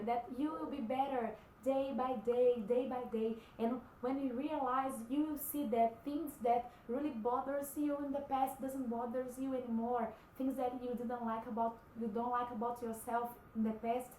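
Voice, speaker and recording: A fairly high-voiced woman whose first language is Portuguese talks earnestly about faith, halting often as she looks for English words. The room is echoey, with a faint hiss behind her. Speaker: Christian vlogger. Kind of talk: devotional talk to camera.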